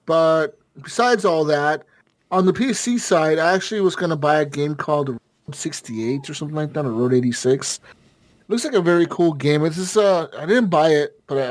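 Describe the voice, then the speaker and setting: A man's voice: fairly high pitch, darkish tone, no room sound. A man co-hosting a gaming podcast, rambling and swearing freely as he chats casually. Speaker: podcast co-host.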